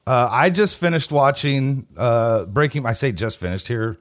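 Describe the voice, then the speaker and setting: A man's voice: medium pitch, normal speed. Chatty, laughing male podcast co-host. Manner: chatty storyteller, laughs often while telling anecdotes. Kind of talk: casual chat.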